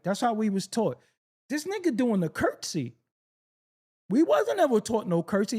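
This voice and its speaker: A man's voice: high voice, darkish tone. A man hosting a casual reaction video, joking, laughing often and swearing freely as he comments on clips.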